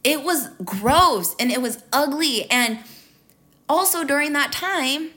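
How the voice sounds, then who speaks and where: A woman's voice: sits high, lively intonation, slow, sharp tone. A woman in her thirties hosting her own podcast, telling a candid, emotional personal story straight to her listeners. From American Midwest. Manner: emotional, candid, addresses listeners as "you guys". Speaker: podcast host. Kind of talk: confessional podcast monologue.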